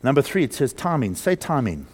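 A man preaching a sermon, swinging between loud emphasis and hushed, slowed lines, asking the congregation questions and having them repeat words. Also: medium pitch, sing-song, husky.

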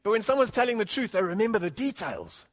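A man's voice: high-pitched, very animated, quick pace. A man preaching an earnest expository sermon, often rising to emphatic points and chuckling between them. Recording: long hall reverb.

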